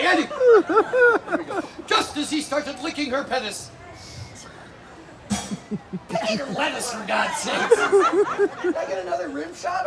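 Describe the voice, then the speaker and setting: A man telling a comic fairy tale full of spoonerisms on an outdoor fair stage, bantering with the audience. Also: very high-pitched. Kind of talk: live comedic storytelling with spoonerisms. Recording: live outdoor show with crowd noise.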